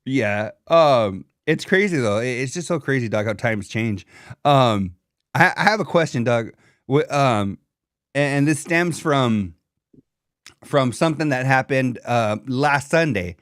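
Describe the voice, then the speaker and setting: A young man co-hosting a casual comedy podcast, animated and swearing, slipping into mocking voices of others. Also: mid-range voice, measured pace, dry recording, clean studio sound. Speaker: podcast co-host.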